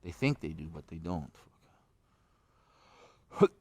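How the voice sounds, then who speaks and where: A man's voice: rumbling low, sing-song, slow pace, a little mellow, slightly rough, dry recording, clean studio sound. A man rambling to his camera outdoors at night, repeating himself, swearing and ending sentences with "eh?". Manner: repetitive, profane, tags sentences with "eh?". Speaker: vlogger.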